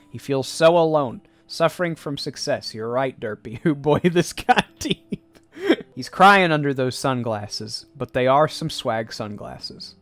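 Goofy streamer with slow, easy talk. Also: mid-range voice. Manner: goofy, laughs often, jokey asides. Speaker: livestreamer drawing on stream. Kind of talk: casual live-stream chatter to chat.

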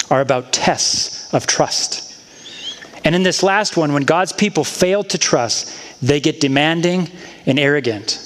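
A man's voice: a little high, fairly bright tone. A man preaching a sermon as a pastor, in a conversational style with casual asides. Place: church sanctuary. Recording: long church-hall reverb.

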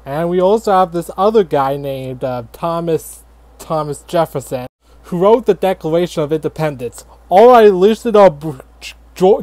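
A man voicing a grandfatherly animatronic fox who tells a satirical history lesson in a halting, filler-heavy ramble. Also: fairly high pitch, darkish tone, no room sound, close to an everyday voice. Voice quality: halting, filler-heavy, lots of likes and restarts. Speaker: storyteller grandfather. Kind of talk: casual satirical storytelling.

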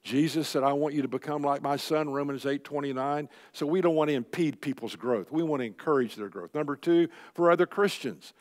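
An older man delivers a sermon at a luncheon in a folksy, emphatic style, pressing his listeners with rhetorical questions. His voice sits a little high. The recording carries the long reverb of a large hall. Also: a little fast, hardly any pauses. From Texas. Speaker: Christian speaker at a men's luncheon.

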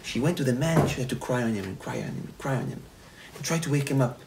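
A man, a rabbi, telling a parable in a sermon, animated, repeating phrases and restarting often. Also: medium pitch, quick pace, gravelly, background noise. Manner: animated, repetitive, frequent restarts. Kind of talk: storytelling sermon.

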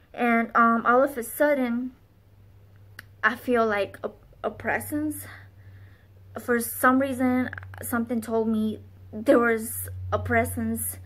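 Young adult woman, slightly high voice, earnest rambling testimony-style vlog delivery. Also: fairly bright tone. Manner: earnest, rambling with many fillers. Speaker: vlogger. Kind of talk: personal testimony.

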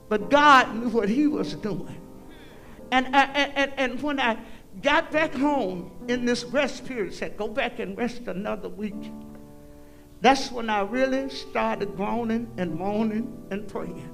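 This older woman, a guest singer on a concert hall stage, speaks a little high with vocal fry and a fairly bright tone. She tells the audience a preachy, folksy testimony, addressing them as "y'all" and slipping into hymn lines.

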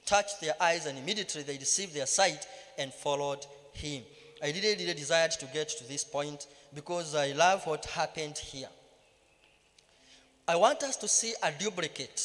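A man's voice: sits high, fairly bright tone. A man with a Kenyan accent leading a Bible study, mixing English and Swahili and rising to emphatic cries. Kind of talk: sermon-style Bible teaching. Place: church hall. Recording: reverberant church hall.

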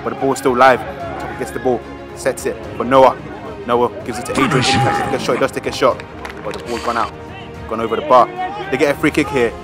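A young-sounding man calls a football match for his own club in a loose, slangy commentary style, cheering and groaning over each play. His voice sits at a middle pitch, with a music bed and crowd noise running underneath. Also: fairly even intonation, fast. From South London. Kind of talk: excitable amateur football commentary.

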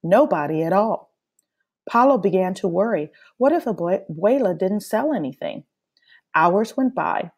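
A woman teacher reading a children's picture book aloud in a slow, expressive way. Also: mid-range voice, slightly rough. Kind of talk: storybook read-aloud for children.

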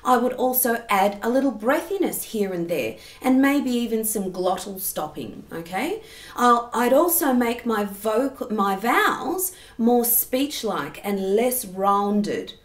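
A woman's voice: a little high, expressive, slow pace, roomy sound. A woman giving an online singing lesson, explaining technique and stopping to sing short demonstration phrases. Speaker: singing teacher.

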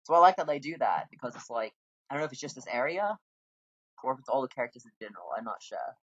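A man's voice: mid-range voice, very animated, quick pace, breathy edge, dry recording, dull audio. A man chatting bluntly through a video game playthrough, swearing casually as he comments. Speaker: game streamer. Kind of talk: casual let's play commentary.

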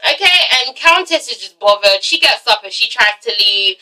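A woman vlogging a casual reality-TV recap, sassy and animated, swearing freely and acting out the cast members. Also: mid-range voice, normal speed, far from the mic, poor audio. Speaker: vlogger reviewing a TV show.

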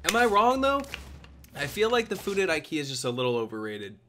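A young man streaming, chatting casually and joking while he plays, his voice hoarse. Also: a little high, brisk, a little hiss or hum. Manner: lively, chatty, jokey. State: hoarse, coughing. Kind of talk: casual chat while gaming.

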